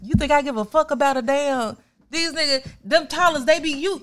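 A woman's voice: high voice, fairly quick, fairly bright tone. A young woman co-hosting a podcast, ranting in casual comedic chat and acting out scenes in exaggerated voices. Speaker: podcast co-host.

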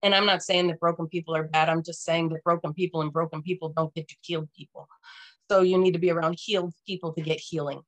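A woman's voice: low voice, steady tone, fast. A woman speaking as a podcast guest, telling her personal story in a frank, earnest and emphatic way.

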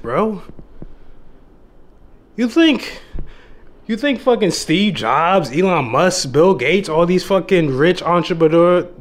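Young man, fairly high voice, casual swearing motivational monologue, earnest and emotional. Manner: casual, swears often, calls the listener bro. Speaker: dating and self-improvement YouTuber.

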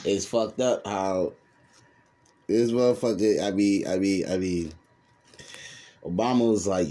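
A man's voice: unhurried, pauses often, faint music behind. A man hosting a podcast, talking in a loose, profane, rambling monologue. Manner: loose, profane, rambling, lively pitch swings. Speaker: podcast host. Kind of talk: casual monologue.

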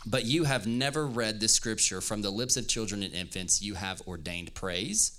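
With a low-leaning, bright, forceful voice at normal speed, a pastor delivers a lively youth-service sermon. He reads passages of scripture aloud and trades playful jokes with the audience.

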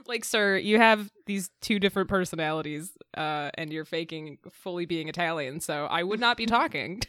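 A woman co-hosting a podcast in casual chat, animated and giggly with playful asides. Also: lowish voice, normal speed, no room sound. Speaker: podcast co-host. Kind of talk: casual chat about a TV episode.

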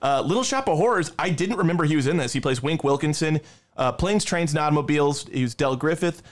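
A young man co-hosting a podcast, reading through film credits and fun facts between easy laughs. His voice sits fairly high for a man, and the talk is loose and conversational. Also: expressive, quick pace. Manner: reads lists of film credits, laughs often. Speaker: podcast co-host. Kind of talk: casual movie chat.

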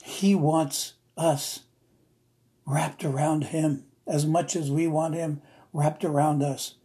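A man preaching an emotional sermon, earnest and repetitive, slowing down to stress his words. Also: a little high, fairly even intonation, warm tone, slightly rough. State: emotional, near tears.

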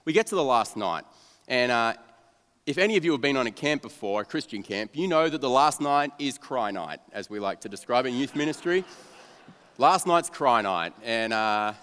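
A young man tells his own story to a crowd, poking fun at himself and sliding into a flat, sulky mumble when he plays his cynical younger self. His voice sits at an ordinary middle pitch. It rings out with the long reverb of a big hall. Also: a little fast, clear, resonant tone. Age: young adult. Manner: self-mocking, animated, drops to a flat mumble for cynical asides. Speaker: youth pastor telling his testimony. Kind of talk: storytelling talk to an audience.

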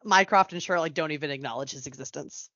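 A chatty woman talking on a podcast, laughing often and tossing off quick character asides. The sound is dry and a bit dull, with no room around it. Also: low voice, bright, forceful tone, no room sound. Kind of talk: casual fan chat.

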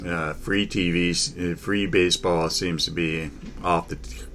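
Deep-voiced man in halting sports chat. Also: steady tone, fairly bright tone, slight background noise. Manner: halting, many fillers and restarts. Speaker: sports talk host.

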